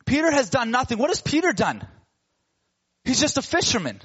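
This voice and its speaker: Animated high-voiced male preacher. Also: moderate pace, husky, highs cut off. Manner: animated, acts out characters in casual slang. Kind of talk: sermon storytelling.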